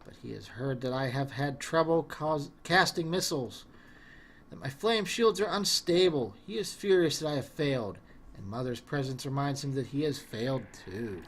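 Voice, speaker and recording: A man voicing a troubled young male wizard who recalls his father's abuse in a quiet, halting way. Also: medium pitch, lively intonation, a little hiss or hum, natural voice. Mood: haunted.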